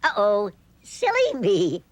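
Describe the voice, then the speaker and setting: A chirpy little cartoon dragon. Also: female voice, mid-range voice, wildly swooping pitch, takes it slowly, no echo, full character voice. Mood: cheerful. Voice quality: chirpy, bouncy delivery. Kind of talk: educational cartoon acting.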